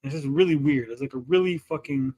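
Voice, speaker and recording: A man's voice: mid-range voice, a little fast, warm tone. A male podcast host in casual livestream chat, profane and mocking as he rants.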